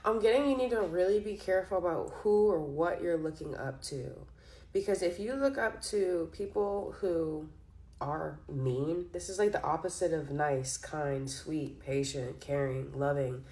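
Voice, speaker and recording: A woman's voice: low-pitched, measured pace, dark tone. A young woman giving a casual tarot reading, chatty and giggly, filling her talk with "like". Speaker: tarot reader.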